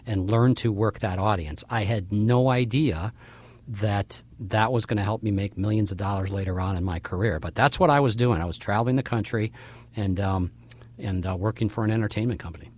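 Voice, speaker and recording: Fifty-something guy hosting an interview, lowish voice, quick casual chat. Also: darkish tone. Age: 50s. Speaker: podcast host.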